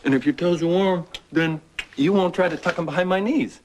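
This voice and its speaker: A man's voice: high voice, a little fast, close to an everyday voice. An actor playing a teasing, affectionate husband and father in a soap opera, from an old TV tape with faint hiss. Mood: playful. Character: playful loving husband, adult man.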